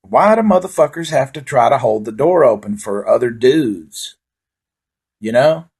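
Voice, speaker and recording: A man's voice: mid-range voice, lively intonation, unhurried, darkish tone, breathy edge. A man delivering a rambling, profane comedic monologue in a laid-back storytelling way. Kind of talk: stand-up style comedic monologue.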